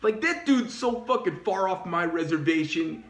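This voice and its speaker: A man's voice: high-pitched, expressive, moderate pace, fairly bright tone. A man who owns a knife company, telling a heated, profane story in a blunt ranting monologue. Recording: roomy echo.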